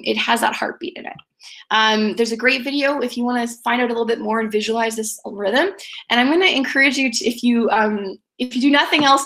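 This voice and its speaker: Gravelly-voiced woman teacher, chatty. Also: fairly high pitch, fairly bright tone, low-quality recording. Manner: chatty, filler-heavy, taps out rhythms. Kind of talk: recorded video lecture.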